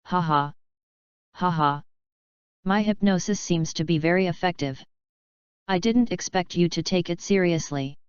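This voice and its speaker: A woman reading a hoarse gloating villain. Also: fairly low pitch, measured pace, pauses often, darkish tone, no room sound, dull audio, lightly acted. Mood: taunting. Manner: taunting, gloating. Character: hoarse sneering male villain hypnotist. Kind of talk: audiobook reading.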